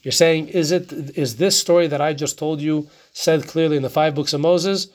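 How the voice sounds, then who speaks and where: A man's voice: fairly high pitch, steady tone, moderate pace. Chatty man teaching a Torah class. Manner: conversational, keeps asking "right?" and posing rhetorical questions.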